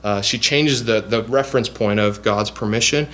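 A man's voice: lowish voice, normal speed, fairly bright tone. A man preaching a bible lesson, explaining scripture earnestly with frequent fillers and restarts. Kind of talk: bible teaching sermon.

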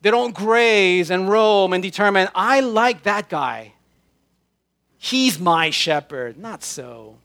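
A man preaching a sermon, slowing down and stressing his words as he quotes scripture. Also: high-pitched, animated, fairly bright tone. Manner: slow, emphatic preaching with drawn-out scripture quotes. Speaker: pastor.

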